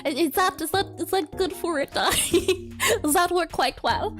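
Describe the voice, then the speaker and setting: A woman's voice: very high-pitched, unhurried, a bit bright, faint music behind. A woman streaming her game development live, chatting casually, reading chat aloud, spelling out words and laughing often.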